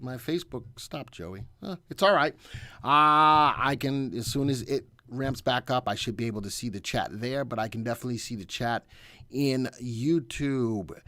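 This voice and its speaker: A man's voice: mid-range voice, fairly bright tone, no room sound. A man hosting a casual live stream as a senior instructor, chatting and reading viewer comments aloud. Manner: chatty, reads out viewer comments, talks to an off-camera helper. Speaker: senior instructor and livestream host.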